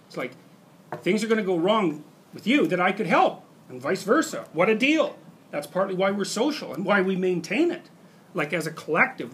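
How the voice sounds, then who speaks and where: A man's voice: sits high, fairly bright tone, a little hiss or hum. A middle-aged man giving a university lecture, talking conversationally and acting out examples with quoted inner voices. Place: lecture hall.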